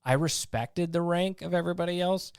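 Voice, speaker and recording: A man's voice: high-pitched, a little fast, creaky, clear, resonant tone, dry recording, clean studio sound. A man being interviewed as a guest, an army veteran telling blunt stories in a casual way and acting out what he and others said. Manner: animated storyteller who acts out his own past lines; blunt, salty.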